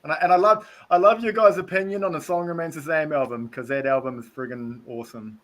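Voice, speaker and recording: A man's voice: fairly high pitch, steady tone, fast, a bit bright. Kiwi guy on a video call, rambling story mode, slang and all. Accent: New Zealand. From New Zealand. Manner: rambling storyteller, acts out quotes. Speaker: guest. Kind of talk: casual chat.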